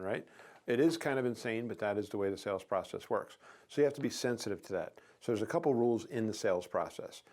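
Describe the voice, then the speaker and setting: A man's voice: mid-range voice, a little mellow. A middle-aged man giving casual coaching on sales, telling stories and acting out quoted lines with animation. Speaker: chiropractic sales consultant.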